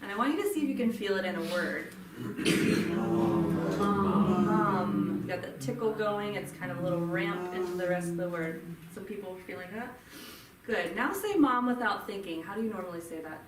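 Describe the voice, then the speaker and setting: A woman's voice: medium pitch, expressive, fast talker, a crowd in the background. A woman speech therapist leading a group voice workshop, demonstrating hums and explaining the vocal cords in a friendly way. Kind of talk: live workshop instruction. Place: room with a group. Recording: roomy, from a distance, faint ambience.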